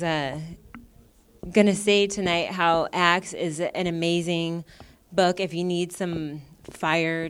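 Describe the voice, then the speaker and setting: A woman's voice: on the low side, clear, resonant tone. A young woman leading a Bible reading in a chatty, giggly way, with many fillers. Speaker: Bible study leader. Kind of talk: casual church talk.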